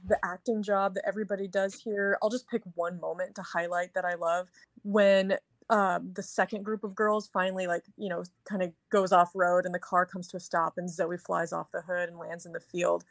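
A woman's voice: on the low side, no room sound. A woman co-hosting a casual movie review chat, talking enthusiastically and rambling with lots of filler words. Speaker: podcast co-host.

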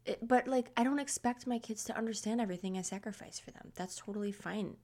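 A woman's voice: medium pitch, fast, mellow. A woman hosting a podcast in a casual, rambling chat, with a scratchy throat, many fillers and frequent laughs. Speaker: podcast host.

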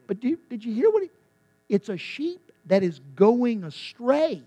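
A man preaching a sermon as pastor, impassioned, swinging from quiet to loud with emphatic repetition. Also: very high-pitched, very animated, a little slow, dry recording.

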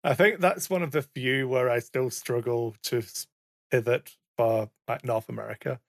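A man's voice: mid-range voice, moderate pace, gravelly, no echo, clean studio sound. A man chatting casually as a podcast co-host, rambling and self-correcting, with the odd swear word. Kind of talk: casual chat. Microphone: studio mic, sometimes too far from it.

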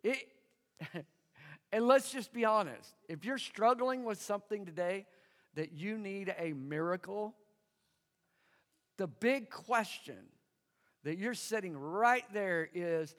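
A man's voice: high voice, slow pace, pauses often, a bit bright. A man preaching a sermon as pastor, emphatic and calling out for his congregation to answer back. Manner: emphatic, engages congregation with call-and-response. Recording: long hall reverb.

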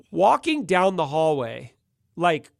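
A middle-aged man tells a rowdy story in loose, slangy talk, laughing as he goes. His pitch sits a touch high and swings widely as he gets into it. The sound is close and dry, with no room around it. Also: creaky, dry recording. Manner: laughs often, animated, slangy ("dude", "gnarly"). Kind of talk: casual storytelling.

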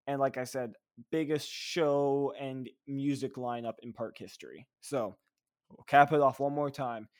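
A man's voice: medium pitch, measured pace, darkish tone. A man co-hosting a casual podcast, talking eagerly with lots of fillers and restarts. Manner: enthusiastic, rambling with fillers. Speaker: podcast co-host. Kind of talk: casual chat.

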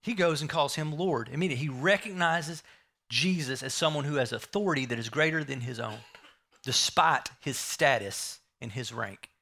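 A man's voice: mid-range voice, normal speed, pushed and bright. A man preaching a sermon, emphatic, repeating key phrases and asking the listeners rhetorical questions.

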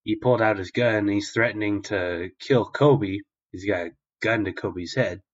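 A young male podcast host retells a story in a loose, rambling way and swears often. His voice sits fairly low, and the recording is dull and lo-fi. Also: normal speed. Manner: rambling, profane, animated retelling. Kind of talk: casual episode recap.

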